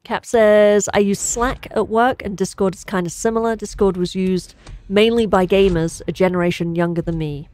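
A woman's voice: mid-range voice, fairly even intonation, normal speed, darkish tone. A woman with a British accent, chatting casually as co-host on a gaming livestream and reading out chat messages, laughing often.

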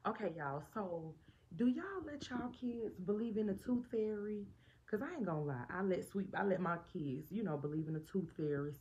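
A woman's voice: deep voice, darkish tone. A woman chatting casually to camera as a vlogger, talking straight to her viewers. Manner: chatty, addresses viewers directly.

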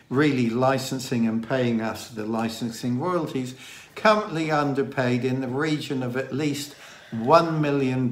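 Man, mild Dorset accent, measured and deliberate, mid pitch, roomy echo. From England. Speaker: co-host. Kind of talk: casual chat.

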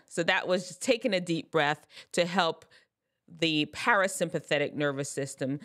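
A woman's voice: low voice, a bit bright. A woman giving advice in a chatty, loose way, often correcting herself mid-sentence as she explains science terms. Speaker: advice vlogger. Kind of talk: casual explanatory talk.

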